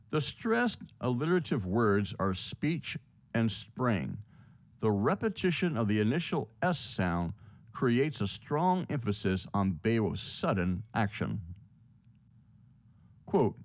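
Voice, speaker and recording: Slow, lively-voiced man explaining a lesson. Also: mid-range voice, no echo. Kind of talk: scripted lesson narration.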